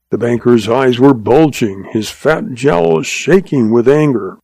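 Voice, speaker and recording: A man reads a western story aloud in steady, measured narration. His voice is gravelly with a touch of fry, and the recording is dry and close. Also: mid-range voice, no room sound. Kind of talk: audiobook story reading.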